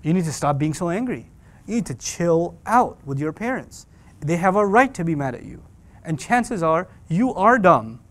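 A man giving an animated, joking sermon, mixing in Quranic Arabic recitation. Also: fairly high pitch, moderate pace. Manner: animated, joking, acts out quoted voices. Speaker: Islamic speaker.

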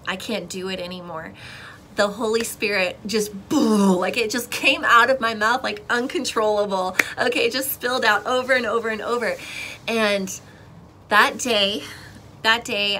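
Young woman, bright voice, casual testimony vlog, expressive storytelling, frequent restarts, faint background hiss. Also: medium pitch, rough recording. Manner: expressive, emotional retelling with restarts. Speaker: vlogger sharing a faith testimony.

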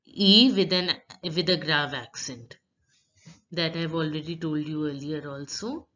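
A woman teaching French pronunciation, reading words out slowly and explaining each sound step by step. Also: low-pitched, sharp tone. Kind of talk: slow pronunciation lesson. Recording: dull lo-fi recording.

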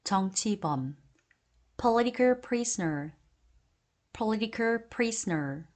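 Woman slowly reading English word pairs. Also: medium pitch, animated, darkish tone. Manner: slow deliberate repetition of each English phrase. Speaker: English vocabulary teacher. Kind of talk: word list reading, Korean then English repeated twice.

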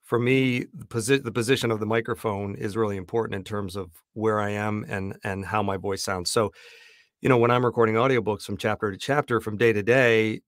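A man who works as a voice actor, talking easygoing in a casual interview from his home studio on a boom-arm microphone. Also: fairly even intonation, fairly quick, a bit bright, no echo. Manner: easygoing, dry self-deprecating humor. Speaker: voice actor and audiobook narrator guest.

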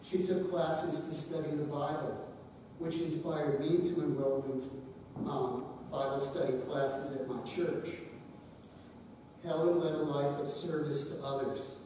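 A man's voice: a little high, steady tone, measured pace. Man giving a eulogy in an echoing hall. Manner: gentle storytelling, light humor. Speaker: eulogy speaker, son-in-law. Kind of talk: memorial eulogy. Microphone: distant. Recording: echoey hall, distant mic, faint hiss.

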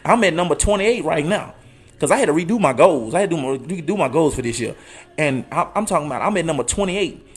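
A man in his thirties, an online coach, giving a fervent motivational talk that swings from low and hushed to loud and high, repeating phrases for emphasis and quoting scripture. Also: lively intonation, fast talker, husky. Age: 30s. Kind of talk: motivational talk on a live show.

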